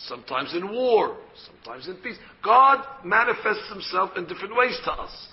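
A man's voice: sits high, sing-song, normal speed, highs cut off. A man, a rabbi, giving a Torah lecture and explaining by asking questions and answering them himself. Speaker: rabbi teaching a Torah class.

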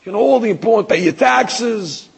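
A man's voice: high voice, animated, moderate pace, creaky, slightly rough, muffled recording. A man, a rabbi giving a religious lecture, talking emphatically and rhetorically, stammering into restarts and acting out other people's voices. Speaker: rabbi teaching a class.

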